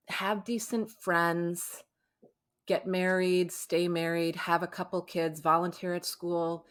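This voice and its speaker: A woman's voice: fairly low pitch, fairly bright tone. A middle-aged woman who counsels as a podcast guest, explaining things in a reassuring, conversational way.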